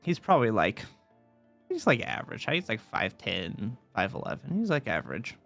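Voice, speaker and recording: A man's voice: lowish voice, huge pitch swings, normal speed, creaky, fairly bright tone, soft background music. A man narrating a tabletop game as dungeon master, rambling with many fillers and restarts.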